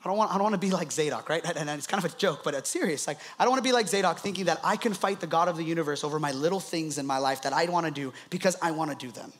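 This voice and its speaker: A man, a pastor, preaching with animated, laughing storytelling. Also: on the high side, racing, few pauses. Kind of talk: sermon.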